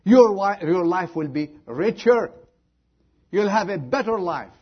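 A man's voice: high-pitched, expressive, measured pace, husky, dull audio. A man preaching a sermon, earnestly repeating rhetorical questions to his congregation, in slightly non-native phrasing. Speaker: pastor.

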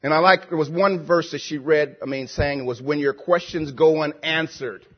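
A man preaching a sermon with emphatic, repetitive phrasing and slow, drawn-out lines. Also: on the high side, breathy edge, muffled recording.

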